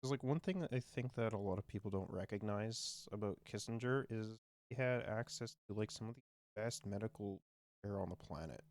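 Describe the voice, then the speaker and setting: A man chatting casually on a stream, halting and restarting as he talks. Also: fairly low pitch, darkish tone, no room sound, clean studio sound. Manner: halting, many fillers and restarts. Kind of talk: casual chat.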